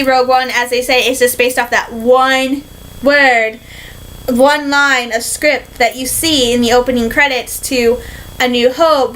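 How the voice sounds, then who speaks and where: A young woman from Michigan recapping a fan convention in a casual vlog, excitable and rambling, full of fillers and "like", sometimes slipping into a put-on British accent. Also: sits high, low-quality recording. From Michigan, USA. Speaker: vlogger.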